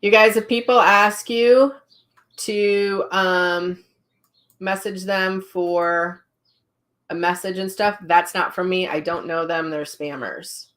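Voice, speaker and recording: A woman's voice: on the low side, fairly even intonation, slow pace, fairly bright tone. A middle-aged woman, a psychic medium, casually chatting on a live stream, telling stories and reading viewer comments aloud.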